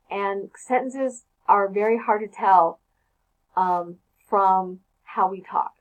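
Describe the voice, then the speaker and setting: A woman's voice: fairly high pitch, low-quality recording. Chatty woman teaching grammar. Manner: conversational, frequently checks in with "okay?". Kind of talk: informal grammar lesson.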